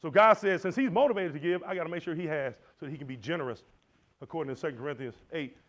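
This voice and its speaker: Guy preaching to college men, kinda high voice, swings loud then quiet, dull lo-fi sound. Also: quick pace. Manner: animated, preacherly, swings loud and soft with asides. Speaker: conference speaker. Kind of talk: motivational church teaching. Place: lecture hall. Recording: dull lo-fi recording.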